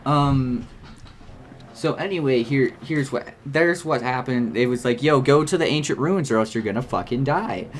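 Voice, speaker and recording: A young man chatting through a video game playthrough, voice sitting at an ordinary middle pitch. He rambles, swears freely and pokes fun at himself in a loose, casual way. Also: moderate pace, a little hiss or hum. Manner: rambling, swears freely, self-mocking jokes. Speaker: let's play co-host. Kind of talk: casual gaming commentary.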